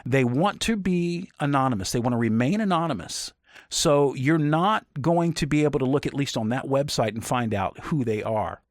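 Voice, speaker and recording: A man commentating casually on a video, joking and animated. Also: mid-range voice, normal speed, no room sound, clean studio sound. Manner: animated, joking, self-interrupting.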